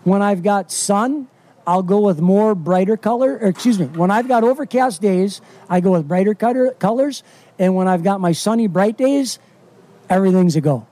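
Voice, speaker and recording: A man's voice: high voice, lively intonation, normal speed, dark tone. A middle-aged man from Wisconsin, a fishing guide talking in a casual radio interview, folksy and enthusiastic with lots of fillers.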